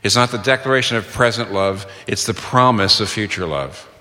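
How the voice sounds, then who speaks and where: Earnest preacher in a reverberant hall. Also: male voice, fairly low pitch, normal speed, bright, forceful tone. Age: middle-aged. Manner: earnest, emphatic, quoting and repeating for stress. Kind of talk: sermon.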